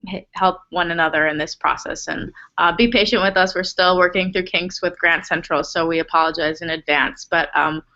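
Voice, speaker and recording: Woman walking folks thru a grant app on a webinar, bright tense voice, dull lo-fi call audio, lots of ums. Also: on the low side, steady tone, moderate pace. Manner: chatty and apologetic, many fillers. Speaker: program associate presenting a grant webinar. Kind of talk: webinar presentation. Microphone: video call.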